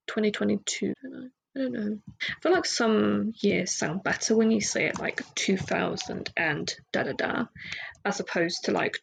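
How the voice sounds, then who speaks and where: A woman hosts her own podcast in a relaxed, rambling way, drifting into asides between facts. Her voice has a gravelly fry and a husky, breathy grain, and her pitch sits in an ordinary middle range. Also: poor audio. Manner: rambling, chatty, with frequent fillers and asides. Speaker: podcast host. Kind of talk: casual solo podcast chat.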